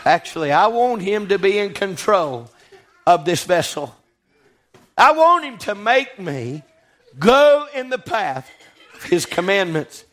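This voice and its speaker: High-voiced preacher man. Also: fairly bright tone. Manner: call-and-response preaching, frequent "Right?" and "Amen"; rising to emphatic peaks, slowing on scripture. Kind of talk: sermon.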